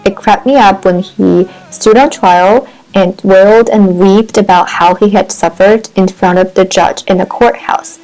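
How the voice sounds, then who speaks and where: A woman talks through a book review in a reflective, wordy manner, with pauses and restarts between ideas. Her voice sits at an ordinary middle pitch. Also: a little mellow, low-quality recording. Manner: thoughtful, wordy, with fillers and restarts.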